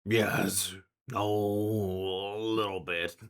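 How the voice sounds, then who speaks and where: A vengeful, half-formed creature that drags itself out of a shattered jar and speaks slowly with a grudge. A man with a very low voice puts it on during a tabletop game. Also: level tone, creaky, heavily acted. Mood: menacing. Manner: slow, menacing, grudge-holding. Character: broken hairy drooling creature crawling from a jar, male, vengeful.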